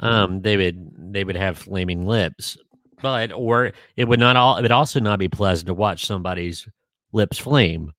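A man co-hosting a podcast in casual chat, joking dryly and pausing often with ums. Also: low voice, fairly bright tone, dry recording. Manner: dry joking, hesitant with many ums. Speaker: podcast co-host.

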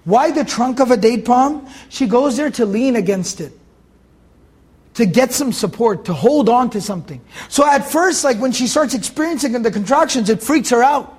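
High-voiced man teaching Quran commentary. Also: animated, moderate pace, a little mellow, slightly rough. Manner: repeats key phrases, explains Arabic words.

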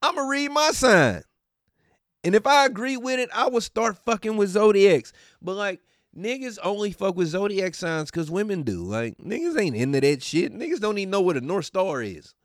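A man's voice: sits high, sing-song, moderate pace, no echo, clean studio sound. A man hosting a podcast in a casual, profane rant, mocking and often laughing. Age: adult. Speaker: podcast host.

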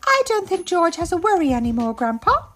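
A woman's voice: very high voice, very animated, fairly quick, fairly bright tone, soft background music, pitched above the performer's own voice, heavily acted. A woman voicing a cheerful little girl pig in a storybook read aloud. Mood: excited.

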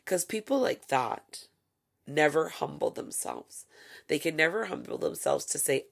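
A woman's voice: low-pitched, sing-song, a little slow, gravelly. A woman hosting a casual solo podcast, delivering sarcastic, profane, gossipy commentary. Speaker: podcast host.

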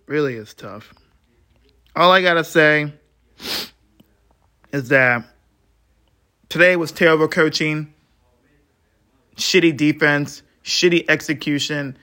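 A man hosting a solo sports podcast, ranting in frustration, swearing freely and swinging between low mutters and heated outbursts. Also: pushed and bright. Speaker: podcast host.

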